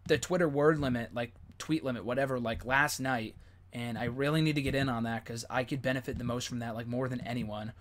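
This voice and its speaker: Rambling young male live-stream host. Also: medium pitch. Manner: rambling, fillers, excited swearing. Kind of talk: casual live-stream chat.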